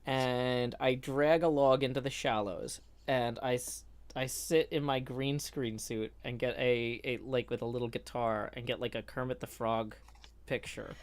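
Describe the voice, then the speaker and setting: A man with a Southern US twang hosting a casual live stream, rambling and excitable as he pitches ideas. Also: unhurried, no echo. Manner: rambling, excitable, laughs at his own jokes. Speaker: streamer host.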